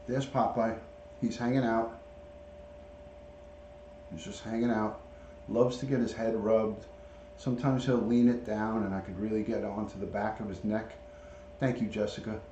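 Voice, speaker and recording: A middle-aged retired police detective hosts a casual livestream from home, showing off his pet parrot while chatting and reading viewers' names from the chat. His lowish voice is mellow and relaxed. The lo-fi sound comes from an echoey room with a faint hum of ambience behind him.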